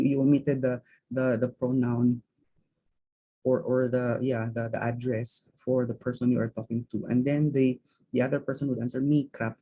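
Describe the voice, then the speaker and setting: Brief: male language teacher, mellow husky tone, halting and patient delivery. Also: medium pitch, lo-fi sound. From Philippines. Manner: hesitant, many fillers and restarts; pronounces example words slowly and carefully. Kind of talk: slow explanatory language lesson.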